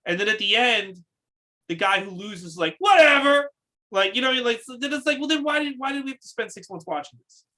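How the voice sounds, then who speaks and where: A man's voice: sits high, fast talker, sharp tone. A man co-hosting a casual wrestling recap show, ranting in an exasperated, profane way and repeating his points. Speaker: podcast co-host.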